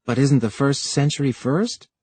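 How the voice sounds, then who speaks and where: A man voicing an earnest young male apprentice who speaks quietly and plainly, with a husky voice. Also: mid-range voice, animated, moderate pace, no echo.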